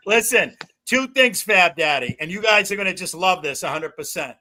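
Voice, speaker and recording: A loud, excitable middle-aged man rambling through profane casual chat as a livestream host. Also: sits high, a little slow, slight background noise. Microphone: no headphones.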